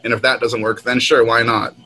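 A laid-back man in a teasing, casual chat, leaning on fillers. His voice sits at an ordinary pitch, with a faint hiss behind it over a call. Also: flat delivery, fairly quick, sharp tone, low-quality recording. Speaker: co-host. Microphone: call audio.

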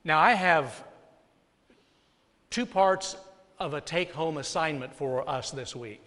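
Bright-voiced male pastor preaching in a hall. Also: on the high side, slow pace. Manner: dynamic preaching, drops soft then rises loud. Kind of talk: sermon. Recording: long hall reverb.

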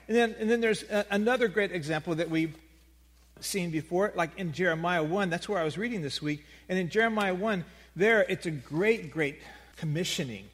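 A man preaching a sermon, talking plainly and conversationally, rising to loud emphasis and dropping to near-hushed quiet. His voice sits a little high for a man. A long reverb from a large hall trails every phrase. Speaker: pastor.

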